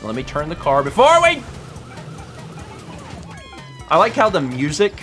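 An excitable male streamer talking through a co-op game, his voice bright and forceful with wide, animated swings. He jokes and shouts quick bursts at his partner, slightly high for a man. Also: faint music behind. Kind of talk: casual co-op gameplay chat.

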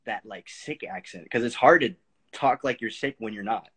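A man's voice: medium pitch, expressive, fairly bright tone, husky. Laid-back young man from Georgia. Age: young adult. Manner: laid-back, agreeable, quick to laugh. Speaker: actor guest. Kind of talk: casual chat. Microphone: phone livestream.

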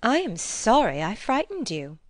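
A woman's voice: on the high side, big pitch swings, moderate pace, no room sound. A woman reading the part of a proud, romantic young Bulgarian lady in an audiobook drama, haughty and scornful.

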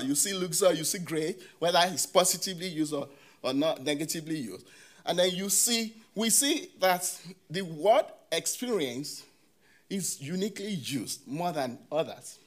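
Sharing academic work at a conference, a man speaks with a voice on the high side and lively intonation. He is hesitant, restarting often and filling gaps with "you know," and he questions the audience.

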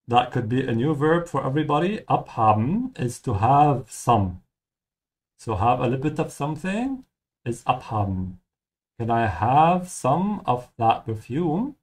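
A man teaching German through game dialogue, explaining each line in a friendly way and repeating key words slowly. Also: medium pitch, sing-song.

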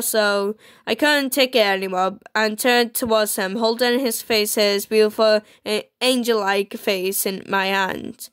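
A woman's voice: mid-range voice, fairly even intonation, fairly bright tone, clean tone, no room sound. A woman reading a romance visual novel aloud, stumbling and restarting words often. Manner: halting, with frequent fillers and restarts on words.

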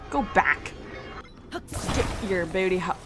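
A woman's voice: lowish voice, animated, slow pace. A woman streaming a video game on a close mic, casually commenting, talking to herself and swearing when frustrated. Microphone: close desk mic. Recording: game music behind.

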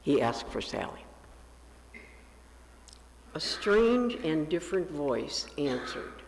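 A male pastor telling a story during a sermon, raising his pitch when he quotes the characters. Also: very animated, gravelly, big-room sound. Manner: slow, lifts his pitch for quoted voices. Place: church sanctuary.

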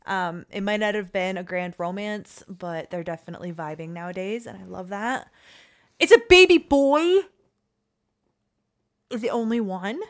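A woman chatting her way through a life-sim game, her voice sitting at an ordinary middle pitch. She swings from nervous pleading to gushing delight as she plays. The delivery is loose and unscripted, like talking straight into a desktop mic. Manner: excitable and chatty, pleading with the dice, cooing at characters. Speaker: gaming channel host. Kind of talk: casual let's-play commentary.

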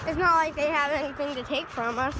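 A woman's voice: sits high, fast. A woman chatting casually outdoors with a friend, laid-back and teasing. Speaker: friend of the vlogger. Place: outdoors on a street. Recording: noisy outdoor street sound, traffic. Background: traffic and street noise.

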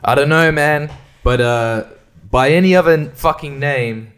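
A man with a slightly high, slightly slow, somewhat bright and clean voice hosts a casual solo podcast. Running on little sleep, he rambles, swears, and laughs often.

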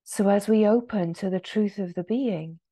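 A woman spiritual teacher giving a gentle satsang talk, acting out inner voices in quotes. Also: mid-range voice, normal speed.

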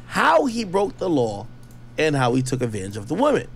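A man's voice: on the high side, huge pitch swings, brisk, gravelly, slight background noise. Skeptical man reading news aloud. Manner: chatty, skeptical, slangy asides. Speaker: online commentator.

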